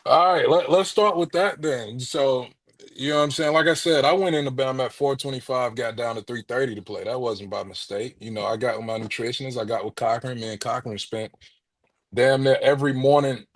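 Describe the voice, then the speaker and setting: A man, a former college lineman, talking football as a guest on a live show. His pitch sits in the ordinary male range. He is animated and loose, tripping over his words as he tells his stories. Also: brisk. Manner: animated storyteller, stammers and restarts often. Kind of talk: casual sports chat.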